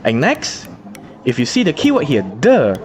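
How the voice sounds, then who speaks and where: A woman teacher, explaining grammar in an online lesson, spelling out letters slowly and asking rhetorical questions. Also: low voice, huge pitch swings, a little mellow, a little hiss or hum. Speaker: English teacher.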